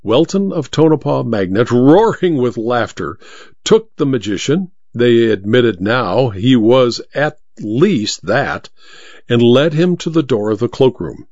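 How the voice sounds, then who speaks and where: A man reads an audiobook in an expressive storytelling manner, his voice at a middle pitch. His delivery is animated, moving widely through its range. The recording is dry and dull, with a lo-fi sound. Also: a little slow, no room sound. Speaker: narrator. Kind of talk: audiobook narration.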